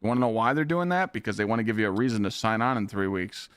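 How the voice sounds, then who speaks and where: A man's voice: lowish voice, animated, very fast, fairly bright tone, clean tone, dry recording, clean studio sound. A man streaming live, ranting bluntly and heatedly with lots of swearing.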